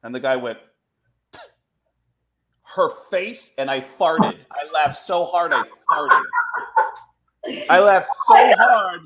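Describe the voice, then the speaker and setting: A man who is a comedian telling a story in an animated way and switching into voices for his characters. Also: fairly high pitch, takes it slowly, a little hiss or hum. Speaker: comedian and guest. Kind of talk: comic storytelling.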